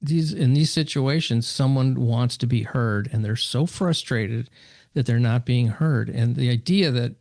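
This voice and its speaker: A man's voice: medium pitch, measured pace, vocal fry, darkish tone, no echo, studio quality. A man hosting a podcast interview who reflects on and adds to his guest's points. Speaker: podcast host. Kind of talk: conversational interview talk.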